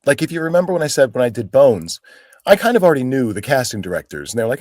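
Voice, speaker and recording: A man's voice: mid-range voice, very animated, fast, a little mellow, dry recording, clean studio sound. A man from Pennsylvania, an actor as a guest, telling stories in a casual interview and acting out quoted lines in voices.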